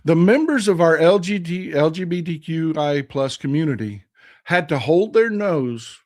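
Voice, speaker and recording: A hoarse man hosting a live political stream, his strained voice sitting a little high. He talks with fervent repetition, speaking straight to the people in his chat. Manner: impassioned, repetitive, addresses the chat directly. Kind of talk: casual political talk.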